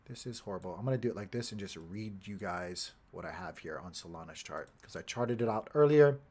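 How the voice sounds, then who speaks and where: A man's voice: low-pitched, animated, brisk, darkish tone, slightly rough. A man hosting a casual livestream, rambling through charts, talking to his chat and muttering to himself when his gear acts up. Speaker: crypto livestream host.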